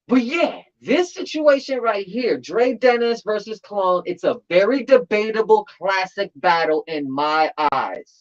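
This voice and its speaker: A man in casual commentary on a battle rap tournament, talking in an animated way and repeating phrases for emphasis. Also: high voice, a little slow, hardly any pauses. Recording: slightly dull lo-fi audio.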